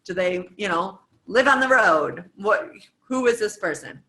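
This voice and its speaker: A woman's voice: mid-range voice, expressive, a little slow, pushed and bright, rough recording. A woman in her thirties from the United States, giving an informal coaching talk with lots of "um" and "like" and long lists of questions. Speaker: guest speaker coaching fitness coaches. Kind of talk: casual talk walking through a worksheet.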